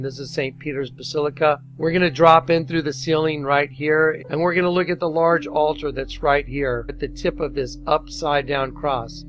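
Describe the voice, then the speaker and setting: Male presenter, earnest, step-by-step commentary; muffled lo-fi sound, clear music underneath. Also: on the high side. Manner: earnest, pointing out details step by step. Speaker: presenter and narrator. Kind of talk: narrated commentary over images.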